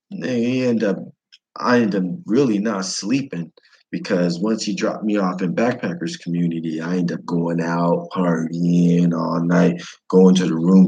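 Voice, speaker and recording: Deep-voiced slangy American man telling stories. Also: vocal fry, low-quality recording. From United States. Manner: slangy, profane, rambling. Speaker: travel storyteller. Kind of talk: casual storytelling.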